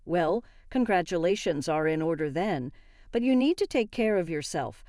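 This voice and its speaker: A woman voicing a concerned male boss who gives calm, kindly advice. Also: fairly low pitch, moderate pace, dry recording, studio quality, natural voice.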